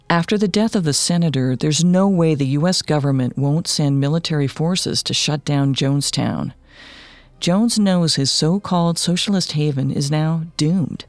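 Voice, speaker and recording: Man narrating true crime, kinda gravelly, higher voice, calm matter-of-fact read. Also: no room sound. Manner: measured, matter-of-fact storytelling. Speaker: podcast narrator.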